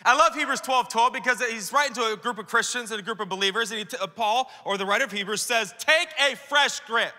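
A pastor preaches a sermon to church leaders at a conference in a large hall, speaking casually and acting out the voices he quotes. His voice is high, pushed and bright, and he talks fast with hardly any pauses, the sound carrying a big-room quality.

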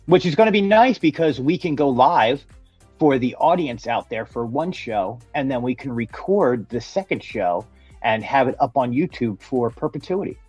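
A man's voice: mid-range voice, lively intonation, normal speed, a little mellow, slightly rough, no echo, soft background music. Man, podcast co-host, casual news chat, stumbling read, dry dull audio. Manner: reads news items with slips and fillers.

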